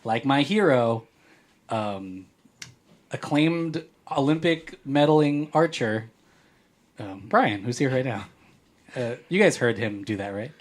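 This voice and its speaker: A man's voice: medium pitch, animated, slow, long pauses. A man hosting a podcast, chatting casually and reading listener mail in a playful, joking way. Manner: playful, jokey, rambling. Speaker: podcast host.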